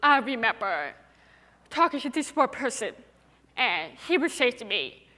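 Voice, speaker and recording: A woman's voice: fairly high pitch, big pitch swings, measured pace, bright, forceful tone. A young woman with a deaf speaker's accent, giving an earnest, emphatic inspirational talk on stage. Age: young adult. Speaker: TEDx speaker. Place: large hall. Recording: reverberant hall.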